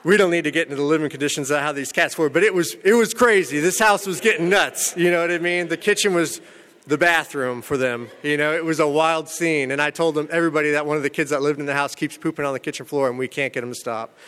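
A man telling his own recovery story in a candid, rambling way, full of "you know" and "man", with self-mocking humor about a dark past. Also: on the high side, fast talker, big-room sound.

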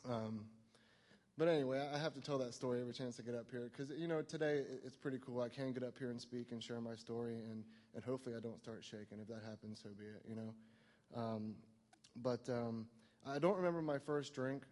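A man's voice: mid-range voice, steady tone, brisk, a little mellow, in a large hall. A man telling his personal recovery story to a meeting, rambling and self-mocking, filling his talk with "like" and "you know". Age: adult, no longer young.

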